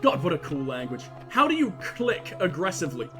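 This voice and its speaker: A man's voice: high-pitched, sing-song, fairly quick, music in the background. A man giving let's-play commentary as a streamer, crude, joking and sarcastic. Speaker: streamer playing a video game.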